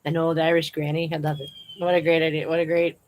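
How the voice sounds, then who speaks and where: A woman's voice: low voice, flat delivery, fast talker, a little mellow, low-quality recording. A woman hosting a live chat outdoors, casually reading viewer comments aloud and laughing often.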